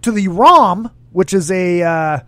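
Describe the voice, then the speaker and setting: A man's voice: high-pitched, animated, slow, a bit bright, no room sound. A man hosting a casual solo podcast, rambling in a crude, jokey way and reading listener comments aloud. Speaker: podcast host.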